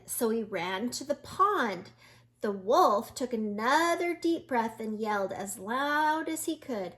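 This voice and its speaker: Slow-reading grandmother with a high voice. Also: expressive. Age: older. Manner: gentle, slow, pointing out pictures. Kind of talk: children's read-aloud.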